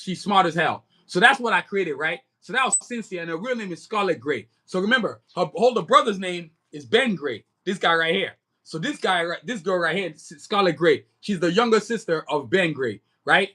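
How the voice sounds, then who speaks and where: Speaking high, bright, and forceful, this man talks fairly quickly and expressively with hardly any pauses. His American accent carries a Nigerian touch, and as a livestream host and comic creator he chats loosely in rambling slang, repeatedly saying "you know what I'm saying."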